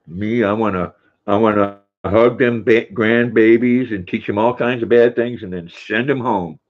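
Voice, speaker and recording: Older man, deep voice, tinny phone sound. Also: normal speed. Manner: folksy, warm with his dog, chatty. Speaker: livestream host. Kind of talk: reading viewer chat aloud on a livestream.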